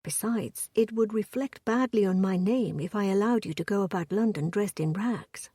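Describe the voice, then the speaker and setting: A woman voicing a young viscount who speaks quietly and firmly, in a storybook reading. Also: medium pitch, moderate pace, slightly rough, dry recording, clean studio sound, close to an everyday voice. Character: gallant young viscount husband, firm.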